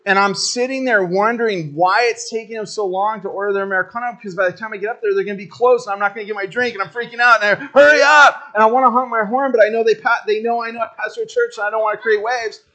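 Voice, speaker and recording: A man with a slightly higher voice preaches in a loose, conversational way. He reads verses aloud and then breaks into animated, playful retellings of everyday impatience. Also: quick pace, hardly any pauses. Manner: conversational and animated, acting out his own impatience. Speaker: pastor. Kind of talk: sermon.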